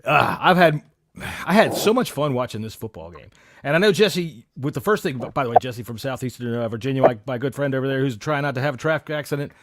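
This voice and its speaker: A man's voice: mid-range voice, expressive, fast, a little hiss or hum. A man hosting a casual sports podcast, joking, teasing and swearing. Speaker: podcast host.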